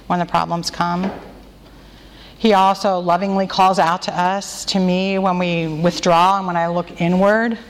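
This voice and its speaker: Gentle woman speaking slowly in a reverberant hall. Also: fairly low pitch. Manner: gentle, slow and prayerful, stretching key phrases. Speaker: women's retreat speaker. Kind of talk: devotional talk with group responses.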